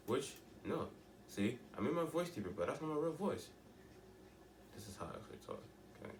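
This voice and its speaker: A man's voice: medium pitch, big pitch swings, fairly quick, long pauses, echoey room, recorded from a distance, slight background noise. A teenage boy talking in a rambling, emphatic way, often restarting and asking rhetorical questions. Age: teens. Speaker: vlogger. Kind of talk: casual monologue to camera.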